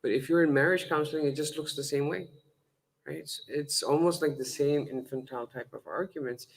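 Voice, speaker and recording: This Islamic lecturer's voice is fairly high, steady in tone, and gravelly, and he talks a little fast. His lecture-style sermon is chatty and funny, full of fillers, restarted words, and self-corrections, with dialogue performed in shifting voices. The recording is rough.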